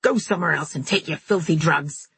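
A woman voicing a brusque, gruff male hairdresser in a storybook reading. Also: sits low, fairly quick, fairly bright tone, no room sound, full character voice. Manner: brusque, threatening. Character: gruff red-faced middle-aged male hairdresser.

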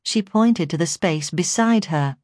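A woman audiobook narrator reads a memoir in a calm, measured storytelling voice of fairly low pitch. The sound is clean studio audio with no echo.

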